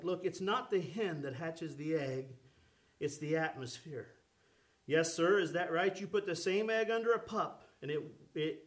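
Man, preacher, sermon, fervent, calls to the congregation, higher-pitched voice.

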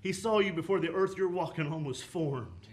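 A man's voice: a little high, animated, normal speed. A man preaching a sermon with an impassioned, rising and falling cadence, quoting scripture.

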